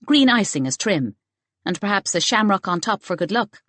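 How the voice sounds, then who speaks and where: A woman narrating a mystery novel audiobook in an expressive storytelling manner. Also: mid-range voice, moderate pace, no room sound. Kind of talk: scripted narration.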